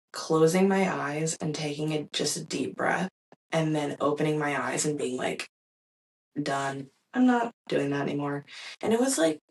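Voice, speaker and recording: A young woman with a notably low voice shares a personal story on her podcast. She speaks candidly and reflectively, with easy fillers and the odd soft laugh. Her voice sits a bit back from the mic. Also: recorded from a distance, poor audio. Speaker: podcast host.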